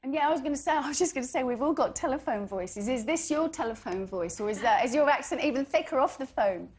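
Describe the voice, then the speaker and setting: A woman with a southern English accent hosting a radio phone-in, chatty and quick to laugh. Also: high voice, lively intonation, breathy edge. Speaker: radio presenter.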